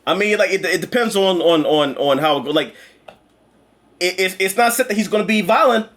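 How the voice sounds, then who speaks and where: A young man chatting casually about a movie he just saw, animated and profane, repeating himself and acting out lines. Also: sits high, fairly quick. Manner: animated, profane, repeats words and acts out quotes. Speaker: movie reviewer. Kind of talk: casual chat.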